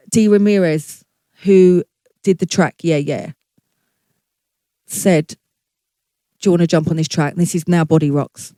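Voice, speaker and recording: A woman's voice: medium pitch, mellow, clear, resonant tone, dry recording. A middle-aged woman, a guest singer, telling her career story in a candid, chatty way, swearing freely and acting out her past thoughts.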